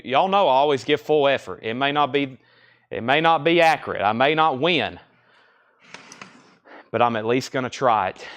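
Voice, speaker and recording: A man hosts a live-stream record auction, calling out titles and prices in a brisk running patter. His voice sits at an ordinary middle pitch. He drops in casual, self-deprecating asides between sales. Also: fairly bright tone. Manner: rapid-fire listing of items and prices, chatty asides. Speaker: live record sale host.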